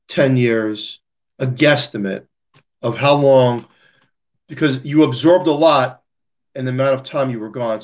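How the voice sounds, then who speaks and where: A man's voice: mid-range voice, lo-fi sound. A man interviewing a guest, pressing his questions and repeating key words.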